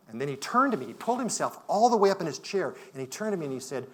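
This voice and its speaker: A man giving a conference talk, telling a story in a reflective way that moves between loud and hushed. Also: medium pitch, sing-song, fast talker, noisy background. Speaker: conference speaker. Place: conference hall.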